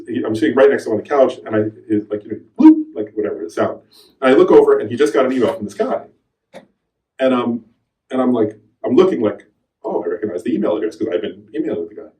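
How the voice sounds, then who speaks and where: Speaking in a lowish voice, a middle-aged man teaches meditation to a group and tells a personal story, animating the voices he quotes. He's recorded from a distance in a roomy hall.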